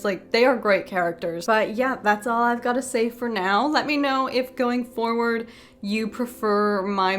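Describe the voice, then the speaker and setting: A woman giving a chatty, unscripted episode review in a tired late-night voice, gushing and saying "like" a lot. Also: fairly high pitch. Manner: chatty and gushing, with many filler "like"s.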